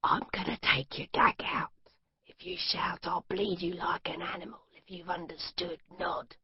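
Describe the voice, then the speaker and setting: Woman doing a hoarse whispering male captor. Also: fairly low pitch, unhurried, no room sound, dull audio, heavily acted. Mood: menacing. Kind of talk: whispered role-play.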